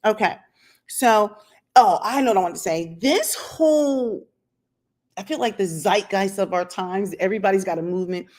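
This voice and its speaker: A woman with a darkish, mid-range voice hosts her own opinion channel, speaking at normal speed straight to camera outdoors in sunlight. In this casual vlog monologue she fires rhetorical questions at viewers.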